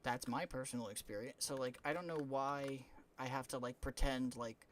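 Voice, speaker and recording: A young adult streamer talking off the cuff during a game stream, the voice sitting at an ordinary middle pitch. The speech rambles and loops, packed with "like" and frank swearing. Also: fairly even intonation, normal speed, few pauses, slight background noise.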